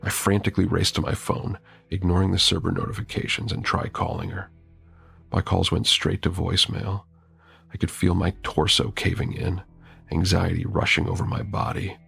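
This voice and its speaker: A man's voice: low voice, level tone, moderate pace, gravelly, a bit bright, husky, faint music behind. A man narrating a first-person horror story with wry, dramatic delivery.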